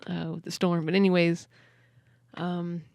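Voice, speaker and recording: A woman hosting a podcast, telling a story in casual chat, excitable and quick to laugh. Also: on the low side, gravelly, dry recording, studio quality. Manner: excitable, laughs often, many "like" fillers. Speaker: podcast host.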